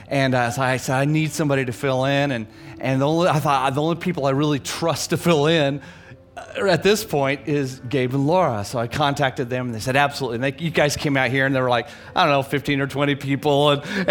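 A man pastoring a church, energetically leading his congregation from the platform before introducing a guest speaker. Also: mid-range voice. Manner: energetic, rallies the congregation to read aloud.

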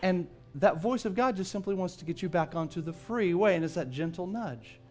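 High-voiced man preaching a story sermon. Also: brisk. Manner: storytelling, animated, repeats words when starting. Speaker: pastor.

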